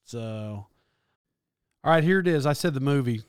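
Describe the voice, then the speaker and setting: A man talking in a casual solo monologue. He rambles, restarts and corrects himself, with animated bursts. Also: medium pitch, normal speed, clean tone, no echo, clean studio sound.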